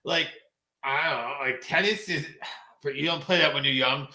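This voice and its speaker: Bright-voiced middle-aged man rambling. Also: fairly high pitch, moderate pace. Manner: rambling, many fillers and restarts, laughs easily. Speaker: podcast co-host. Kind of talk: casual chat.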